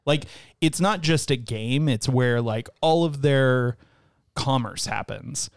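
Smooth-voiced man chatting on a podcast. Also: medium pitch, takes it slowly, dry recording, clean studio sound. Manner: chatty, emphatic, repeats points for stress. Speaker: podcast co-host. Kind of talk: casual chat.

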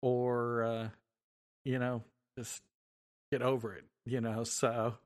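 A man's voice: mid-range voice, level tone, slow. Reflective man in casual chat. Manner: reflective, agreeable listener.

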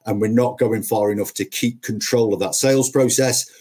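A man's voice: fairly low pitch, fairly even intonation, normal speed, darkish tone, slightly rough. A middle-aged man, a podcast guest who trains salespeople, telling stories in an emphatic, punchy way full of repetitions. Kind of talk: conversational storytelling.

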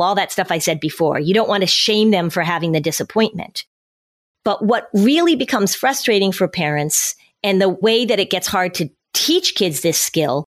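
A middle-aged woman, a former social worker, explaining parenting with acted-out examples of parents and children. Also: fairly low pitch. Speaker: parenting expert guest. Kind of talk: conversational advice.

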